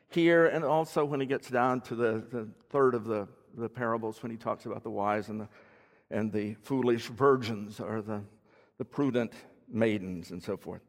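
A long hall reverb carries a man's mid-range voice at normal speed. He's a preacher teaching in a conversational style, unpacking words and questioning his listeners.

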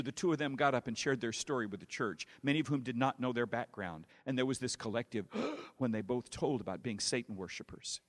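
A male preacher telling a story in a sermon, with dramatic swings from hushed to loud. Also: medium pitch, fairly quick, few pauses, big-room sound, a faint crowd.

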